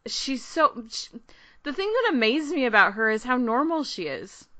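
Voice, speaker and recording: A woman co-hosting a podcast, telling a long, excited story in casual chat, rambling and laughing often. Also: high-pitched, moderate pace, dry recording. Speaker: podcast co-host.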